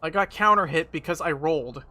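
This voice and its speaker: A man's voice: a little high, a little fast, pushed and bright. A man streaming a game, chatting casually, swearing and putting himself down as he plays. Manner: self-deprecating, swears a lot, frustrated outbursts. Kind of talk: casual gameplay commentary.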